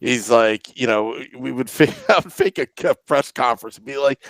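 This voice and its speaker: Creaky-voiced man hosting a podcast. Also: medium pitch, normal speed, few pauses, a bit bright, no echo. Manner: rambling, laughs while telling stories. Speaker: podcast host and producer. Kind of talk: casual chat. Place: home podcast setup.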